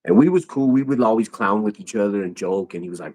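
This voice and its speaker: A man's voice: fairly low pitch, expressive, quick pace, hardly any pauses, dark tone. A man who is a podcast guest, telling stories casually in loose, rambling street slang. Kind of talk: casual storytelling.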